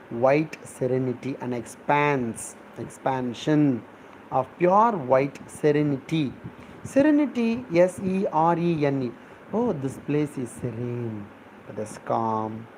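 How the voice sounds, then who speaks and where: A man's voice: mid-range voice, animated, slow, a little mellow, a little hiss or hum, low-quality recording. A middle-aged man, a professor explaining words for an exam, spelling them out letter by letter. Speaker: English professor. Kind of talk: exam-prep vocabulary lesson.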